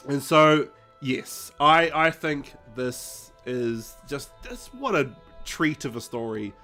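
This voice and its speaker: With faint music behind him, a man speaks slowly in a slightly high, pushed, bright voice that stays animated. As co-host of a fan podcast, he keeps the casual chat enthusiastic, laughing a lot and performing the quotes he mentions.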